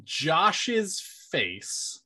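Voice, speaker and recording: A man co-hosting a podcast, chatting casually in a playful, drawn-out way. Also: a little high, wildly swooping pitch, bright, forceful tone. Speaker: podcast co-host.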